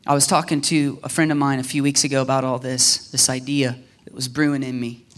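A man preaching a sermon in an animated way, acting out prayers and quotes, at times dropping to a hushed near-whisper. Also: a little fast. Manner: animated, acts out prayers and quotes with swings in pitch and loudness. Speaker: pastor.

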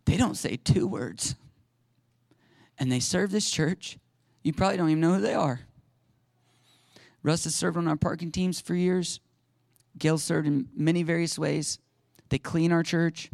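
A man preaching a lively sermon as a pastor, acting out little scenes and laughing now and then. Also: fairly high pitch, unhurried, gravelly, long pauses, dry recording, clean studio sound. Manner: animated, acts out little voices and laughs often.

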